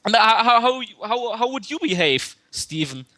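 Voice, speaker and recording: A man's voice: very high-pitched, sing-song, moderate pace, sharp tone, no room sound. A man calling in to a chat show, stammering and repeating his words as he talks. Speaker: caller. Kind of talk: call-in chat.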